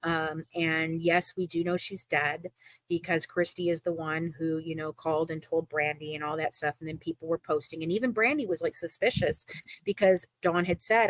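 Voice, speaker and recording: A woman's voice: low voice, steady tone, moderate pace, dry recording. A woman talking emotionally and emphatically in a casual chat, often repeating herself.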